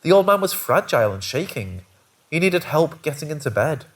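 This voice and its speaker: A man's voice: on the high side, sing-song, moderate pace. A man giving scripted narration of first-person scary stories, reading steadily.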